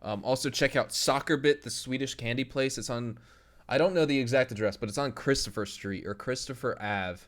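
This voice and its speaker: Young male streamer, easygoing and chatty, reads chat aloud, mid-pitched. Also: brisk, fairly bright tone. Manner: loose, laughing, reads chat aloud and tries impressions. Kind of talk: casual live-stream chat.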